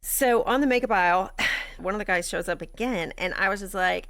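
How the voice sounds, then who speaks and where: Texan woman, podcast host, gravelly fry, frank and profane storytelling, middle pitch. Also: a little fast. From Texas. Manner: animated, blunt and profane, laughs between lines. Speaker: grief coach and podcast host. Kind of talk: candid storytelling monologue.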